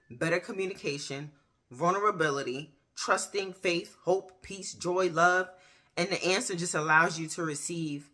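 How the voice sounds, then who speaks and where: A woman in her thirties giving a candid personal faith testimony, talking straight to her viewers with pauses and restarts. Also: sits low, a bit bright, husky. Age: 30s. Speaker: faith vlogger. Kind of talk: personal faith testimony, casual talk to camera.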